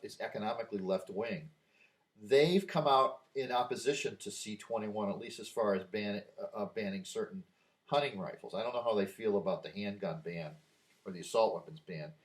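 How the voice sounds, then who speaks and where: An older man vlogging a rambling opinion monologue, drifting off on asides and growing emphatic when he argues a point. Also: mid-range voice. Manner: easily distracted, wandering asides.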